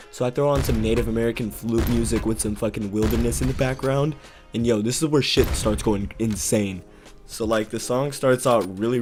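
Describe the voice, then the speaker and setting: A young man vlogger telling a story in a casual, animated way, full of slang and swearing. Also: fairly low pitch.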